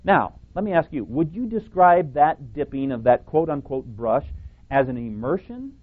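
A man's voice: on the high side, very animated, moderate pace. Male preacher, emphatic, a bit sarcastic; narrow phone-like sound. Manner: emphatic, sarcastic, quotes and rebuts opponents. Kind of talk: radio Bible teaching. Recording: tinny phone-like audio.

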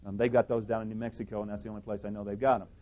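A man's voice: on the low side, flat delivery, very fast, warm tone. A man preaching a sermon, speaking emphatically, repeating phrases and correcting himself as he goes. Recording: dull lo-fi recording.

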